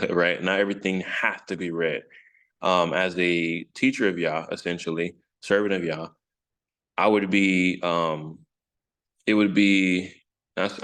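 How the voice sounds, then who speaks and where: Low-voiced man teaching casually. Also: fairly bright tone. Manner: rambling, self-correcting, jokey. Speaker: scripture teacher. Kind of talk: casual online study lesson.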